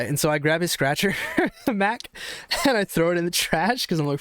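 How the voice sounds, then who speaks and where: A man's voice: fairly high pitch, a little fast, smooth, dry recording. A young man hosting a podcast, telling a story in a casual, profane, rambling way. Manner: profane, animated, rambling with restarts. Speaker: podcast host.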